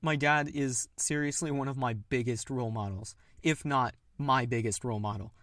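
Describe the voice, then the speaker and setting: A man's voice: medium pitch, fairly bright tone, dry recording. Candid young man, close and dry. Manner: candid, halting, with nervous laughs. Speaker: podcast host. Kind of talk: personal confessional monologue.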